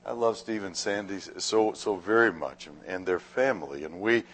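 A man speaking as a visiting preacher, giving a sermon in a gracious, unhurried way with halting pauses. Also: sits low, a bit bright, a little hiss or hum. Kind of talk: sermon with a warm-up story.

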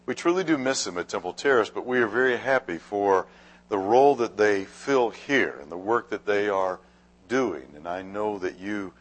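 A man with a very deep voice delivers a sermon as a visiting preacher. He speaks graciously and takes his time, pausing and restarting as he goes. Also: lively intonation. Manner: gracious, unhurried, with halting pauses. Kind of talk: sermon with a warm-up story.

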